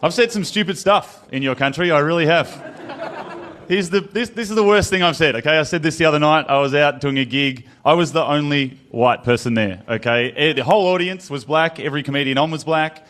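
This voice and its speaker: A man from Australia with an Australian accent, telling animated stand-up stories in a live club. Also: on the high side, a little fast. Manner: animated storytelling with acted quotes. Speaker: stand-up comedian. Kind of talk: stand-up set.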